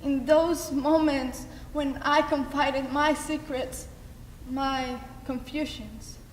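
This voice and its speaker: Teen girl, high bright voice, slow, intense solo monologue, echoey hall. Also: fairly even intonation, a little hiss or hum. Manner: intense, halting, emotional delivery. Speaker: student performer. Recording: echoey hall, faint ambience.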